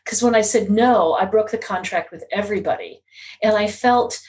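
A woman's voice: medium pitch, normal speed, darkish tone, low-quality recording. A middle-aged woman speaking casually as an interview guest, laughing often and acting out what others said. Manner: laughs often, acts out quoted voices.

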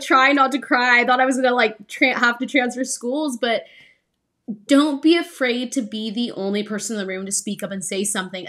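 A young adult woman co-hosting a podcast, telling a personal story in an earnest, animated way with frequent ums and likes. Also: high voice. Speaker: podcast co-host.

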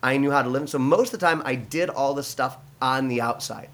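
A man's voice: medium pitch, fairly quick, a bit bright. Earnest middle-aged American man telling his story. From United States. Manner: earnest storytelling with frequent restarts and fillers. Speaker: pastor. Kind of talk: conversational testimony in an interview.

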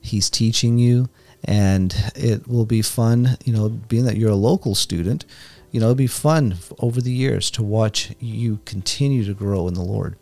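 A man hosting a podcast, wrapping up an interview in an affirming, slightly halting way. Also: fairly low pitch, a little mellow. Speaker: podcast host. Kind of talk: conversational interview wrap-up.

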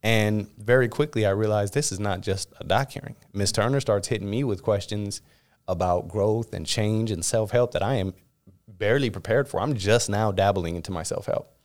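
A man's voice: fairly low pitch, darkish tone. A man in his thirties from California, a guest telling his story candidly in an interview, with many fillers and restarts. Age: 30s. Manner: rapid, frequent "you know" fillers and restarts.

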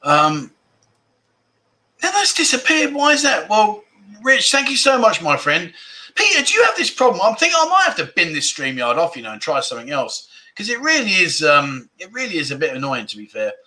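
A chatty man hosts a casual livestream and answers viewers as he goes. His voice sits a little high and sounds bright and forward. He laughs easily and grumbles now and then. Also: huge pitch swings, a little fast. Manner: chatty, laughs often, mild grumbling asides. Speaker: livestream host reading viewer comments. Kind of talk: casual chat.

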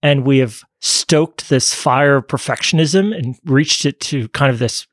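Measured male physician, dry sound. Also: medium pitch, no room sound. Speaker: physician guest. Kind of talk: podcast conversation.

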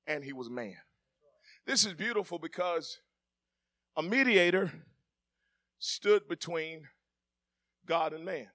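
A middle-aged male pastor, preaching a sermon that swings from soft, joking asides to the congregation to shouted climaxes. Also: fairly high pitch. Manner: jokes with the congregation, laughing.

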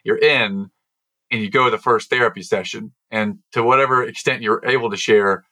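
A man's voice: fairly low pitch, steady tone, moderate pace, bright, forceful tone. Earnest man hosting an interview. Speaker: podcast host. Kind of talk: conversational interview questions.

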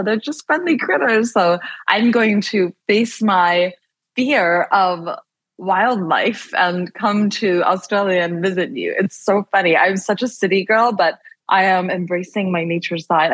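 A woman podcast host chatting over a video call, bubbly and talkative, laughing often and rushing into quick bursts. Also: lowish voice, steady tone, no echo. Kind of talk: casual interview chat.

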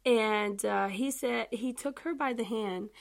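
High-voiced, animated woman reading scripture. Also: unhurried, gravelly. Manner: animated, emphatic and chatty, addressing listeners directly. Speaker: podcast host. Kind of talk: casual Bible reading with commentary.

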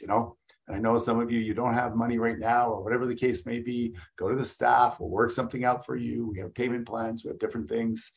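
Blunt, energetic middle-aged man. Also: medium pitch, vocal fry, rough recording. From Canada. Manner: energetic, blunt, salesman-like delivery. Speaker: guest, event speaker and coach. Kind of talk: casual interview talk.

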